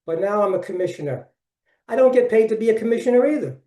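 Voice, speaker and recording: A man's voice: high voice, expressive, fast, mellow. A man in his seventies from Brooklyn, New York, with a Brooklyn accent, giving a folksy, upbeat webinar presentation that talks straight to his listeners. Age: 70s. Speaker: workshop presenter. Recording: distant mic in an echoey room.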